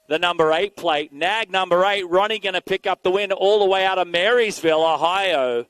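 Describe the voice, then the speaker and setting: A man giving energetic live play-by-play commentary at an outdoor BMX race, calling out riders and bike numbers. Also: high-pitched, clear, resonant tone, no room sound. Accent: Canadian. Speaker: race announcer.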